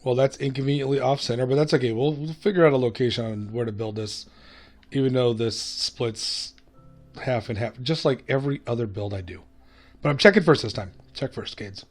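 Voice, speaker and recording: A man's voice: medium pitch, fast talker, faint music behind. A man hosting a gaming video, giving casual gameplay commentary in a chatty, self-mocking way. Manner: chatty, self-mocking, hums and laughs to himself.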